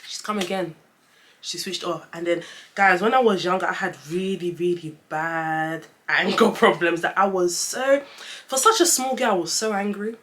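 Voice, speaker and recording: A young woman tells a story-time vlog, chatty and animated, often calling her viewers "guys". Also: lowish voice, normal speed. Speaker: vlogger.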